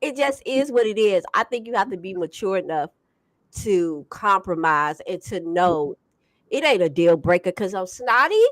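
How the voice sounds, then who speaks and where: Lively woman, dry close sound. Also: mid-range voice, normal speed, no room sound. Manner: laughs often, exclaims, folksy talk. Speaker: podcast co-host. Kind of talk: casual chat.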